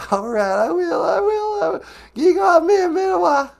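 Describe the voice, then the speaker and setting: Man doing a squeaky giggly sidekick. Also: big pitch swings, moderate pace, vocal fry, exaggerated voice. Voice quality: high, squeaky voice.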